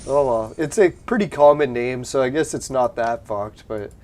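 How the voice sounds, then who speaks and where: A man's voice: mid-range voice, moderate pace, a little mellow. A man hosting a gaming channel, chatting casually over his play, laughing often and swearing freely. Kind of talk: casual let's-play commentary.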